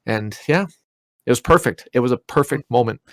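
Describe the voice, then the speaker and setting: Swearing, excitable man on a podcast. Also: medium pitch, moderate pace, no echo. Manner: animated, swears a lot, acts out characters' lines. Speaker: podcast co-host. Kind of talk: casual chat.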